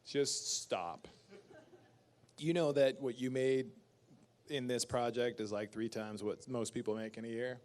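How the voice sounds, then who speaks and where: A man's voice: mid-range voice, normal speed. A man, an actor guest at a fan convention panel, answering questions in a casual, emphatic way with laughs. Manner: emphatic, animated ranting with laughs.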